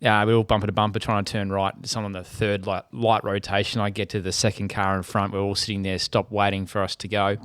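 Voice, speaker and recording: A man with an Australian accent, co-hosting a podcast and telling stories in a casual, animated way, with plenty of swearing. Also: lowish voice, fast, few pauses. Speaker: podcast co-host. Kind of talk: casual storytelling chat.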